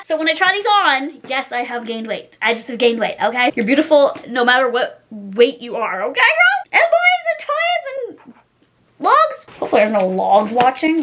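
A woman's voice: high voice, fairly bright tone. A young woman in her twenties chatting casually through a clothing try-on haul, bubbly and giggly, rambling with lots of "like" and "um". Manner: bubbly, giggly, rambling with many likes and ums. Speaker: fashion vlogger.

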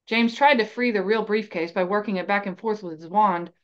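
A woman podcast host reading a fan novel aloud in an even, steady storytelling voice, on a slightly dull recording. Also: mid-range voice, fairly quick.

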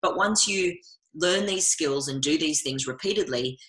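Low-pitched, bright-voiced woman coach. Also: normal speed, roomy sound, rough recording. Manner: upbeat, energetic, coaching tone. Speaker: guest speaker. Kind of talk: casual interview chat.

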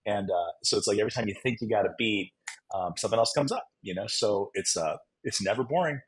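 Husky, self-deprecating middle-aged man. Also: on the low side, fast talker, rough recording. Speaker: guest author. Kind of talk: animated storytelling.

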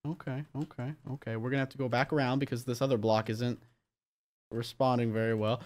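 A young man giving let's play commentary, excitable and chatting to viewers, yelping "flip" when he fails. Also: mid-range voice, fairly quick. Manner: excitable, yelps "flip" instead of swearing; chats to viewers while playing. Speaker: YouTuber playing a game.

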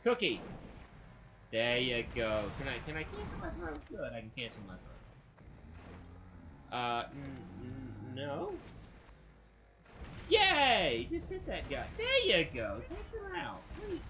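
Excitable stammering gamer man. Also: medium pitch, measured pace, background noise. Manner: excitable, stammering, bursts of frustrated yelling. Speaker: gaming channel host. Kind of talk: let's play commentary. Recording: dull lo-fi sound with game music. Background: game music.

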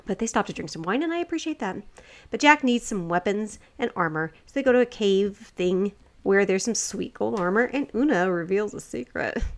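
A woman's voice: medium pitch, lively intonation, normal speed. A woman co-hosting a podcast, recapping a film in casual chat with frequent laughs and swearing. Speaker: podcast co-host.

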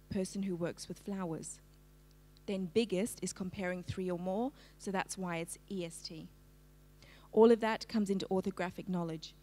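A middle-aged woman with a medium-pitched voice delivers a lively, engaging literacy presentation to parents over a live stream. She asks the audience to raise their hands.

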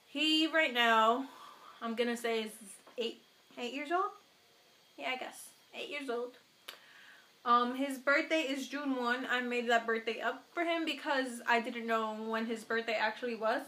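Bright, high-voiced young woman vlogger. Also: unhurried, slight background noise. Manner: playful, animated, slips into baby talk with her dog. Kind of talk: casual chat to camera.

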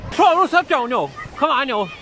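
An actor playing a blunt, grumbling older man at the beach, gruff and teasing. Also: very high-pitched, big pitch swings, moderate pace. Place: outdoors at a windy beach. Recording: wind and waves noise. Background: wind and surf.

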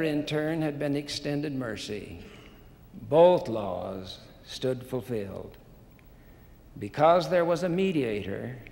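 A church leader telling a parable in a measured, deliberate sermon at a conference in a large assembly hall. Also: male voice, medium pitch, gravelly, darkish tone. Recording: long hall reverb, faint noise.

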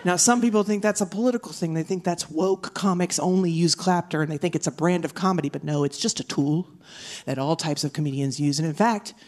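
A woman comedian doing a live stand-up set, brisk and sarcastic, on a theater stage. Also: fairly low pitch, darkish tone. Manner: brisk, sarcastic, slips into mocking character voices.

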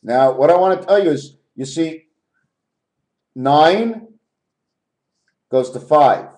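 A man's voice: a little high, animated, slow pace, darkish tone. A man vlogging a rambling spiritual monologue, jumping between topics and swearing.

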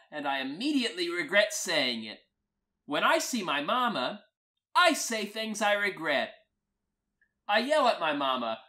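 A woman telling a crude, wry first-person comic story in a deadpan way. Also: sits low, unhurried. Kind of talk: first-person comic monologue over music. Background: acoustic guitar music.

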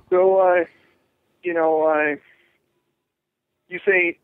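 A man's voice: fairly high pitch, normal speed, long pauses, no echo. A talkative man on a tinny phone line. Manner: animated, acts out quoted voices, many restarts. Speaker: jury rights activist, guest. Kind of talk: interview over phone.

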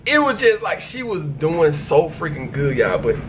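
High-voiced man gushing to his viewers. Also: very animated, moderate pace, lo-fi sound, background noise. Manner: effusive, repeats himself, slangy, keeps addressing viewers. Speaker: reaction video host. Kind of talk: casual reaction commentary.

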